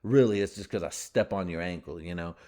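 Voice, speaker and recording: A man's voice: low-pitched, a little fast, dark tone. A man in his thirties hosting a podcast, rambling through a crude casual monologue, swearing and laughing often. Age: 30s. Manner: breaks into put-on voices for bits. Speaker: podcast host.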